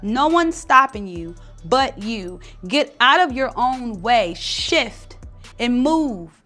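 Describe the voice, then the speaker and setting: A woman's voice: a little high, big pitch swings, slow pace, pushed and bright, soft background music. A woman giving casual motivational talk to camera, blunt and slangy, with lots of emphatic stress. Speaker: spiritual content creator.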